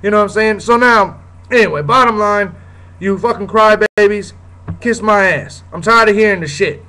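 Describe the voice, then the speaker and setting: A man's voice: high-pitched, moderate pace, bright, forceful tone, low-quality recording. A man hosting his own show, delivering a heated, profane rant in a blunt, repetitive way. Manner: heated, blunt, swears often, repeats "you know what I'm saying". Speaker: show host. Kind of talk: profane ranting commentary.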